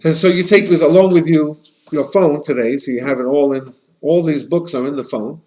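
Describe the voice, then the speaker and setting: Chatty rabbi with a higher voice. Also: male voice, fairly quick, low-quality recording. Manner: chatty and anecdotal, with frequent restarts; animated, with Yiddish and Hebrew terms. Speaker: rabbi teaching a class. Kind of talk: casual conversational lesson.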